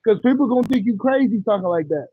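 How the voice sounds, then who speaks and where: A man with a strikingly high-pitched voice talks bluntly and rambles in casual slang, addressing his livestream viewers. The sound is dry and a little dull, close to the mic. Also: lively intonation, fast talker, breathy edge, no echo. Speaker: livestream host.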